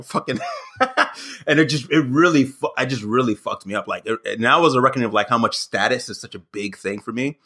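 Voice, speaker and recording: As a podcast guest, this Southern American stand-up comic in his thirties chats casually and spins animated stories packed with fillers and restarts. He has a mid-range voice and talks a little fast.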